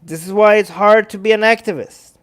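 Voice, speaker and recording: A livestream host talks casually and animatedly in a high-pitched, fairly quick voice. He reads chat messages aloud and restarts his sentences often.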